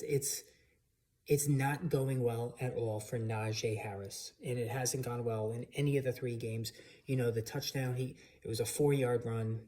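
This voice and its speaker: A man's voice: medium pitch, dark tone. Opinionated man talking fantasy football. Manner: opinionated, frequent restarts and fillers. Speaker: fantasy football analyst, channel host. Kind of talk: casual solo commentary. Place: home computer setup.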